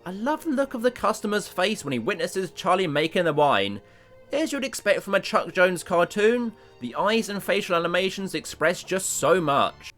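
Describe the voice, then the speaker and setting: A man narrating a cartoon review video with animated, self-deprecating jokes. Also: fairly high pitch.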